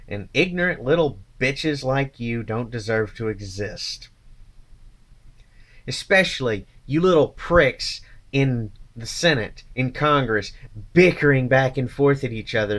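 A man ranting angrily to his channel, contemptuous and swearing constantly. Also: medium pitch. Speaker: channel host. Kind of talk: angry profane rant to camera.

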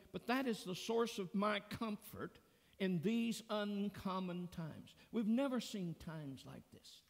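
A man preaching a sermon as pastor in a church sanctuary, earnest and deliberate, pressing hard on key words. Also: high-pitched, vocal fry. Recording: long church reverb.

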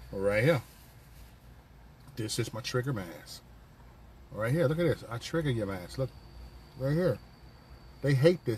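A man with a mid-range, slightly rough voice hosts a casual phone live stream, rambling loosely and swearing as he bantesr with viewers. He's on a work break, with vehicle sounds nearby.

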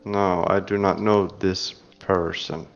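A man's voice: animated, highs cut off, faint music behind. A man doing a terse, guarded stranger. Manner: terse, slow, low-key. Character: guarded, quiet male stranger.

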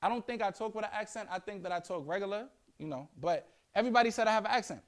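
Animated young New York man telling stories. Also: high-pitched, racing. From Yonkers, New York. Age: young adult. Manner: animated, slangy, playful storytelling. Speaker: guest speaker. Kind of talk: storytelling talk to students. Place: school classroom.

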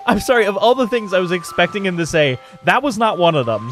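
A man talks through a video game in a casual, joking way, his voice swinging up and down with excitement. He sits a little high for a man and breaks into laughter often, with faint game music underneath. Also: a little slow, long pauses. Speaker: video game let's player. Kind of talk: casual gameplay commentary.

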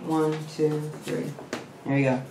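A man's voice: on the high side, little pitch movement, a little slow. Man thinking aloud over a board game. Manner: thinks aloud, counting pieces and muttering rules. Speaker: host. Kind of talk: explaining a board game while playing. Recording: roomy room with faint noise.

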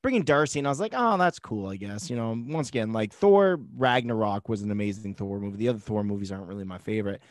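A man's voice: fairly low pitch, fast, hardly any pauses, darkish tone, no echo, studio quality. A man co-hosting a casual chat, talking eagerly with plenty of swearing. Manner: swearing, enthusiastic fan talk. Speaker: podcast co-host.

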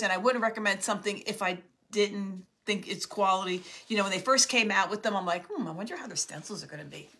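A woman's voice: mid-range voice, slight background noise. A middle-aged woman from New Jersey hosting a live crafting stream from her home craft room, chatting and greeting viewers by name. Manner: chatty, warmly greets viewers by name, gasps and laughs often. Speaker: craft livestream host.

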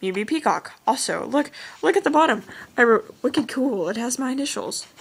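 Gushing, high-voiced teenage girl. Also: expressive, moderate pace, vocal fry, husky, poor audio. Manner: gushing, rambling, full of "like" and "oh my gosh". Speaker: vlogger showing her drawings. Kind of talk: casual chat.

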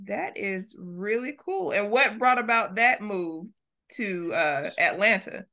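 A woman hosts the interview with a bright, forceful voice. She asks engaged, encouraging questions at an ordinary pitch. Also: animated, slow. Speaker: interview host.

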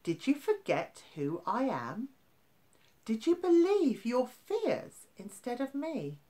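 A woman voicing a calm, gentle man in a storybook who asks quiet questions. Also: fairly high pitch, slow, pitched above the performer's own voice, heavily acted. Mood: gently questioning. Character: calm, gentle adult male teacher in a storybook.

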